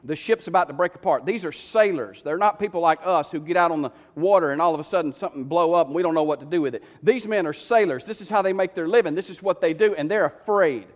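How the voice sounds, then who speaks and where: A man preaching a sermon, telling the story with lively, conversational asides to the congregation. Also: on the high side, fast talker, few pauses. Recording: long hall reverb.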